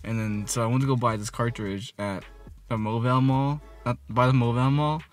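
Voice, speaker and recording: With music in the background, a man in his 20s rants casually through a storytime vlog, rambling, swearing and leaning on fillers. He speaks briskly in a mid-range, steady voice.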